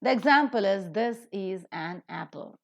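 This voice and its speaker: A woman gives a recorded pronunciation lesson, explaining each point carefully. She slows right down for the example sentences, leaning hard on the stressed words. Her pitch sits in a middle range. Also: animated, gravelly, dull audio. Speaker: English pronunciation teacher. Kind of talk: recorded lecture.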